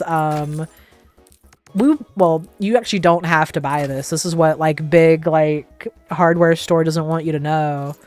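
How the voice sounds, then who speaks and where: A woman's voice: low voice, a little mellow. A young woman hosting a livestream, telling casual stories in a rambling way, full of "like" fillers and laughing often. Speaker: livestream host. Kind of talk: casual storytelling.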